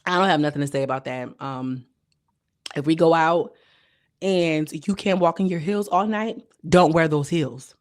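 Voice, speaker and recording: Chatty slightly hoarse young woman vlogger. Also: deep voice, moderate pace. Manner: chatty, slangy, animated retelling. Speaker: reality TV recap vlogger. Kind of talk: casual recap chat.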